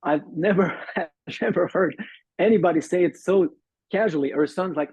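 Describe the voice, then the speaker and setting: This interview guest, a French-speaking man from Montreal, Canada, tells his recovery story over a muffled call. The voice is a little high, a little mellow and husky, captured in dull, dry lo-fi call audio. He speaks earnestly and haltingly, dramatizing quoted dialogue.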